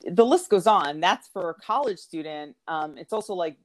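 A woman talking in a relaxed chat who tells stories with frequent laughter. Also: on the low side, moderate pace, a crowd in the background. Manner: animated storyteller, laughs often. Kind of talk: casual conversational chat.

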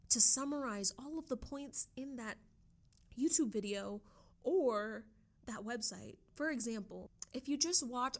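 A young woman hosting a podcast in a casual, chatty way, excitable and talking straight to her listeners. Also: on the high side. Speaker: podcast host. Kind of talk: casual chat.

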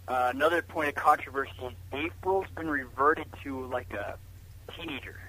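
A man's voice: medium pitch, normal speed, pushed and bright, breathy edge, poor audio. A man chatting as a guest on a podcast, rambling with fan enthusiasm and lots of fillers. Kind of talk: casual chat over a call.

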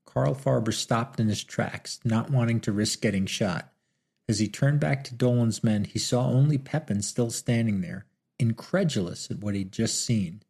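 A man giving steady audiobook narration of a Western novel. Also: mid-range voice, moderate pace, gravelly, breathy edge. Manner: steady, storytelling.

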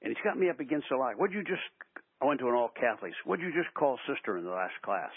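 Husky older man, lively phone-line storytelling. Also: mid-range voice, fast, no echo. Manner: animated storyteller acting out quotes. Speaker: basketball coach, interview guest. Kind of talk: storytelling in a radio interview. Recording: tinny phone-line sound.

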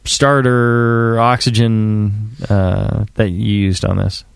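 A man who hosts a podcast, talking in a relaxed, rambling way full of fillers. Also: fairly low pitch, slow pace, gravelly, smooth, dry recording. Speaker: podcast host. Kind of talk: casual homebrewing chat.

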